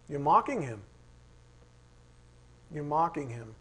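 A man teaching a Bible study class. He asks the class questions, reads verses slowly and repeats the key lines. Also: a little high. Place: classroom with a board.

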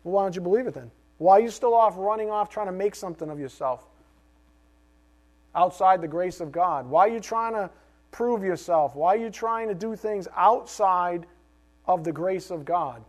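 A middle-aged male pastor preaching a sermon, animated, with rhetorical questions and joking asides. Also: high voice, normal speed.

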